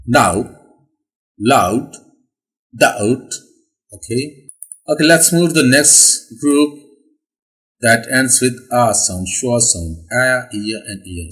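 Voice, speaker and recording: Male pronunciation teacher, slow measured delivery, mid-pitched voice. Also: fairly bright tone, low-quality recording. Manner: slow, deliberate, repeats "okay" often. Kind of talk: explaining English pronunciation.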